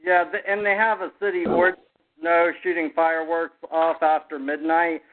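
A man's voice: a little high, flat delivery, normal speed. A man calling in to a show, telling a story in a rambling way with many fillers. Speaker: caller. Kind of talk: casual storytelling on a call. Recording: tinny phone line.

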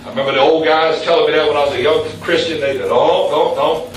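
Man, preacher, slightly high voice, very echoey church, heard from a distance, faint room tone. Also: steady tone, rapid-fire, a little hiss or hum. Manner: call-and-response preaching, rising pitch for emphasis. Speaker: pastor. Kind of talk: sermon. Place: church sanctuary.

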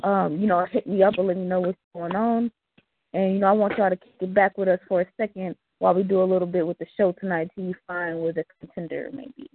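A woman's voice: on the low side, steady tone, quick pace, dry recording. Woman hosting a call-in show, tinny. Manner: upbeat, laughs often, loose slang. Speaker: radio show host. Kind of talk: casual live call-in hosting. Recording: tinny phone-like call audio.

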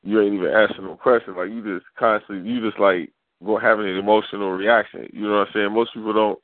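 A man in casual chat who rambles, uses slang and throws in animated asides, as a co-host. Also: fairly low pitch, quick pace, dry recording. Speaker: podcast co-host. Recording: dry, phone-like lo-fi sound.

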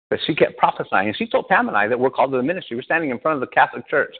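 A pastor from Southern California giving an animated personal testimony, often laughing as he tells it. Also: medium pitch, rapid-fire, hardly any pauses, husky. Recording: tinny phone-like sound.

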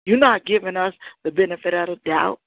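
A woman's voice: lowish voice, fairly quick. Emphatic woman caller on the phone. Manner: emphatic, preachy. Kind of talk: encouraging call-in testimony. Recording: dry, tinny phone line.

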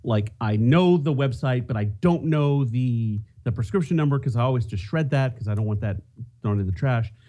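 A man's voice: medium pitch, expressive, normal speed, mellow. A man co-hosting a podcast, telling a rambling story in casual chat with many restarts. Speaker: podcast co-host.

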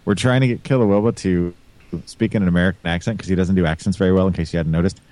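A man's voice: low-pitched, steady tone, racing, mellow. A man co-hosting a podcast in casual chat, teasing his guests and steering the talk. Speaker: podcast co-host.

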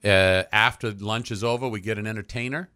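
A man with a bright, forceful voice that sits a little low, chatting on a radio show about upcoming community events. He talks freely, full of fillers and easy laughs. The sound is close and dry. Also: steady tone, fairly quick, dry recording. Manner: talkative, laughs easily, many fillers. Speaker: event promoter for a community center. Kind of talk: casual radio chat.

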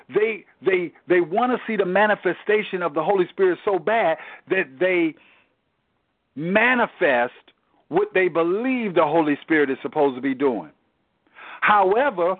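High-voiced man preaching over a tinny phone line. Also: dry recording. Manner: earnest preaching, repeats words as he restarts. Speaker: Bible study teacher. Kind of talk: teaching over a phone Bible study. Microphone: telephone.

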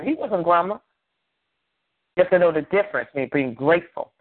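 A man's voice: high voice, lively intonation, brisk, no echo. A man preaching a sermon as pastor, emphatic and repetitive, drawing call-and-response from the congregation. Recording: tinny phone-like dry sound.

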